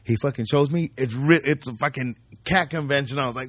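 A man's voice: mid-range voice, fast, hardly any pauses, a bit bright, no echo. A man hosting a casual podcast, talking in a chatty, slangy way with plenty of swearing. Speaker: podcast host. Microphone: studio microphone.

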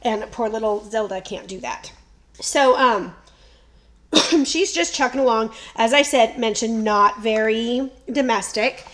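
A woman hosting a casual chat, telling a story in an animated way and reading quotes aloud playfully. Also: a little high, a little slow. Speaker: podcast host.

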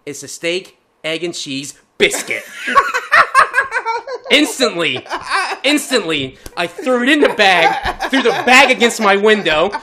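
A man's voice: sits high, slow, heavy background noise. A man co-hosting a podcast in casual chat, telling a story in a profane way and often laughing as he talks. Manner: profane, animated, laughing through his own story. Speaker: podcast co-host.

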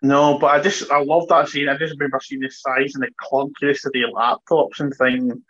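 A man's voice: mid-range voice, level tone, fairly quick, fairly bright tone, lo-fi sound. A man co-hosting a podcast, telling rambling, amused stories. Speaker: podcast co-host. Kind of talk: casual podcast chat.

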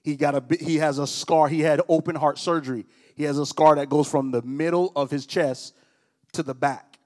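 A middle-aged pastor with a slightly high, a little mellow voice and fairly even intonation delivers a casual sermon at normal speed. He shares personal stories conversationally, tossing teasing asides to the crowd, all under a long hall reverb.

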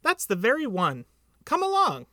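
A tiny piglet voice, high and squeaky, bursting with eager, breathless excitement, as a man reading a storybook puts him on. Lively and jumpy in pitch, recorded close and dry. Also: normal speed, no echo, heavily acted. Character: tiny timid excitable young male piglet.

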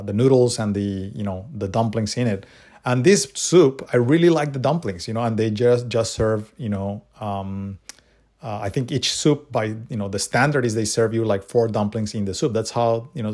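A man's voice: medium pitch, a little mellow. A man telling casual anecdotes to camera in a rambling way, with many restarts and asides. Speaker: vlogger.

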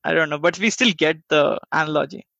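A man's voice: on the high side, brisk, vocal fry, bright, forceful tone, no echo, lo-fi sound. A man from India co-hosting a podcast, chatting casually in a wry way and laughing as he talks. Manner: wry, laughs while talking. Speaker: podcast co-host. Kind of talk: casual chat.

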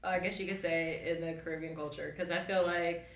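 A woman's voice: fairly low pitch, fairly even intonation, a little fast, reverberant. A woman hosting a casual group chat, teasing and laughing as she talks. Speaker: podcast host.

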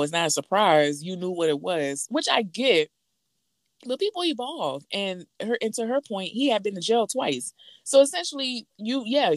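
Animated woman with a low voice. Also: no room sound, clean studio sound. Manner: animated, acts out quotes with big pitch jumps. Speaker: podcast co-host. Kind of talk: casual chat about a reality show.

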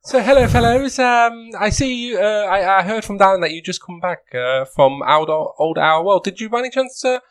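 A man putting on a friendly nun, high and halting. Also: expressive, fairly bright tone, clear, resonant tone. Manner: halting, with fillers. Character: friendly middle-aged woman, a nun.

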